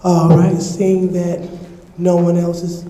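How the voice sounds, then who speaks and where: A woman chairing a public council meeting, measured and procedural, pausing and restarting as she calls the vote. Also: lowish voice, completely flat delivery, dark tone. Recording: echoey council chamber with long reverb.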